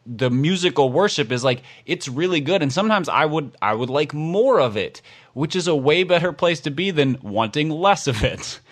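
A man's voice: fairly high pitch, expressive, moderate pace. A man co-hosting a podcast in casual chat, making wry, teasing jokes. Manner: wry, joking, teasing asides. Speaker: podcast co-host.

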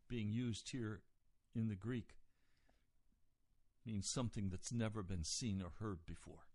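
Slow, deliberate male preacher. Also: on the low side, steady tone, a little mellow, no echo. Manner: deliberate expository preaching, pausing on key words. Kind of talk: sermon.

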